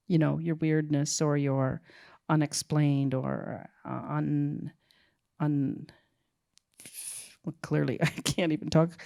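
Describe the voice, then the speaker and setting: A middle-aged woman, a film director as guest, talking in a halting, musing way with many restarts. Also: sits low, a little mellow. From Canada. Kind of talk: casual interview talk.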